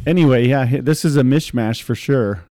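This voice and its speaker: A man co-hosting a podcast in casual chat, animated and quick to laugh, slipping into voices while telling stories. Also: medium pitch, no room sound, clean studio sound. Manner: animated, laughs often, imitates voices mid-story. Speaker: podcast co-host.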